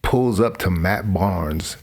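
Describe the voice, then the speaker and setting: A man's voice: low voice, slow, creaky, slightly rough. A man hosting a reaction commentary, talking in a wry, casual way with laughing asides. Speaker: commentary host.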